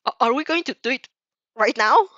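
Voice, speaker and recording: Woman doing a timid little shadow girl, high light voice, eager, dull lo-fi sound, storybook reading. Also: very animated, normal speed, a bit bright, dry recording. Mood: startled. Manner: small, insecure, then giddy. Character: shy, timid young girl shadow, easily excited.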